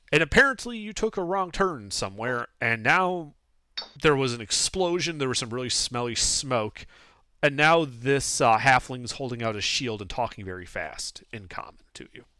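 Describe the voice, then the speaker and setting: A man's voice: medium pitch, moderate pace, no echo, studio quality. A man narrating a tabletop game as game master, rambling and full of fillers. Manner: animated, rambling with many fillers.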